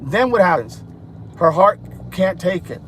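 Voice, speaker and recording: A man with a notably high voice talks animatedly on his livestream, working through a speculative scenario and pulling his listeners along. He is recorded outdoors, with faint traffic noise behind him. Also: unhurried. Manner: animated, addresses listeners directly. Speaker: livestream host. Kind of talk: speculative live-stream talk.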